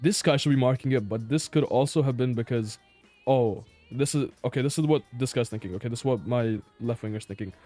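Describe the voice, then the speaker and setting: Male player doing a blunt, frustrated review of his own match, mid-pitched voice with soft music underneath. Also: brisk. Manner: blunt, exasperated, swears and laughs in disbelief. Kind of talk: casual gameplay review commentary.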